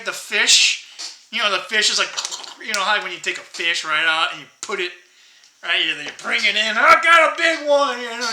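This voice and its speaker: A man's voice: high voice, pushed and bright. An American man rambling in a casual monologue, laughing often and tagging his sentences with "right?" and "dude.". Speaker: vlogger. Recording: echoey room.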